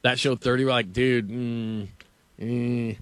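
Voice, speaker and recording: A man's voice: medium pitch, flat delivery, slow pace, fairly bright tone, no echo. A man hosting sports talk radio, telling a story in a rambling, casual way, laughing often and filling with "like".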